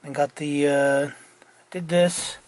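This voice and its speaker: A middle-aged man giving a rambling, casual walkthrough of his truck restoration inside the cab, his throat dry so he keeps clearing it, with many fillers and restarts. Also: on the high side, steady tone, takes it slowly, a little mellow, no room sound. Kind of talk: casual work-in-progress walkthrough.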